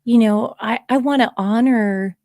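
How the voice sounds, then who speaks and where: Brief: woman guest, gravelly low-key tone, dry close mic, calm and reflective. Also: a little slow, no echo. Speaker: author and podcaster guest. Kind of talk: reflective interview conversation.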